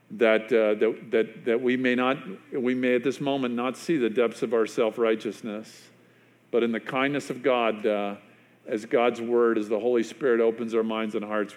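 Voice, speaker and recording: A man, a pastor preaching a sermon in a loose, conversational storytelling way, full of fillers and restarts, often dropping to a hushed voice to drive a point home. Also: medium pitch, a little slow. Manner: drops to a hushed, quieter voice for emphasis.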